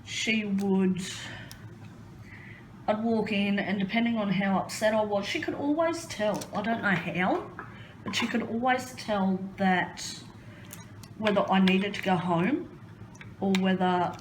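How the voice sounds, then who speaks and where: A woman's voice: mid-range voice, a little slow, long pauses, background noise. A woman chatting casually while crafting at home, rambling and hesitant with many ums. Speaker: crafting vlogger.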